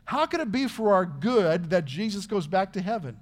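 A middle-aged man preaches with a notably high-pitched voice. His sermon is earnest and conversational, full of questions put to the congregation. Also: sing-song, normal speed. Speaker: pastor.

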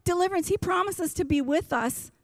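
A woman's voice: very high voice, a little fast, dry recording. A woman pastor preaching a sermon in a church, impassioned and emphatic, driving her points home with repetition.

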